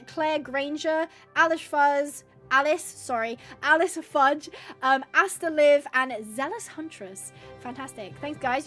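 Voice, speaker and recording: A woman's voice: high-pitched, a bit bright. A woman hosting a gaming livestream from home, chatting casually and bubbly with her viewers as she reads the chat. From United Kingdom.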